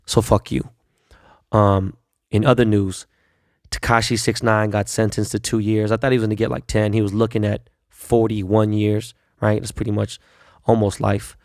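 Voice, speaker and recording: A middle-aged podcast host delivers a blunt, profane, heated solo rant. His low, darkish voice shows little pitch movement at a moderate pace, recorded in clean studio sound with no echo.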